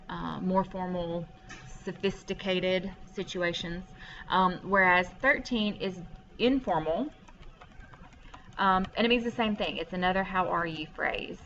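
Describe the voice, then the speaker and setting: A woman teacher walks through a vocabulary list at a patient pace and fills her pauses with ums. Her voice is bright and a little low, and it comes through a dull lo-fi home recording with faint background hiss. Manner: patient, explains step by step with many ums. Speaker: French teacher. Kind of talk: recorded classroom lesson over a screen share.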